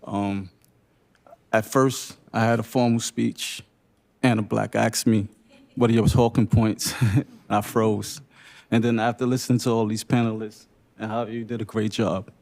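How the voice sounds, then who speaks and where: A young man gives unscripted personal testimony at a public briefing. He speaks earnestly in short, halting phrases, and the emotion comes through. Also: on the low side, flat delivery, creaky, darkish tone. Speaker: panelist sharing lived experience.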